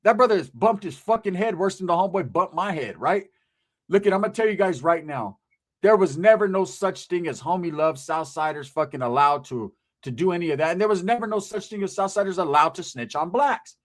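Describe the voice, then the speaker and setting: A man's voice: high voice, lively intonation, brisk. A man speaking, hosting his channel in a blunt, emphatic monologue full of street slang and swearing. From Southern California. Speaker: channel host. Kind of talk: casual monologue to camera.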